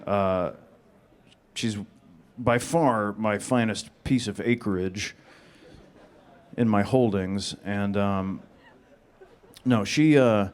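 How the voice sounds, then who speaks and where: A man with a flat, monotone, deadpan delivery, answering audience questions on a panel. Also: lowish voice, extremely slow, pauses often.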